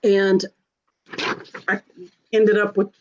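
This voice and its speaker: A woman's voice: medium pitch, flat delivery, very slow, dull audio, slight background noise. A woman hosting a casual chat, teasing her co-host and steering the talk. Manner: warm teasing banter, leads the talk. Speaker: podcast host.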